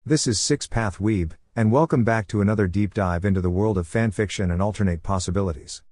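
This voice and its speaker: A man hosting a storytelling channel, reading a fan story in smooth, even scripted narration. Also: on the low side, fairly quick, no echo.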